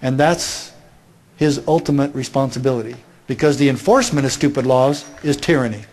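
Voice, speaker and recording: A man's voice: mid-range voice, brisk, darkish tone. A man giving a political speech, making his points emphatically and asking rhetorical questions. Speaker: speaker.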